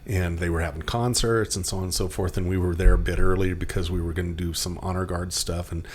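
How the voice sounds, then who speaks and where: A man's voice: low voice, flat delivery, quick pace, a little hiss or hum. A male paramedic co-hosting a podcast, telling a long story casually with many fillers and restarts.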